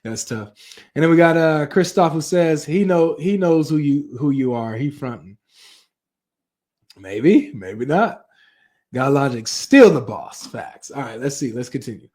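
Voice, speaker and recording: A man with a fairly high voice hosts a live reaction stream, talking straight to his viewers. He reacts in an animated, chatty way, full of asides and questions to chat. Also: measured pace.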